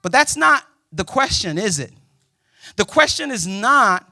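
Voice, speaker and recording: A young man preaching a sermon in a church, conversational and joking, with sudden loud emphasis. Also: high-pitched, very animated, measured pace, dry recording, studio quality. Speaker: pastor. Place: church auditorium.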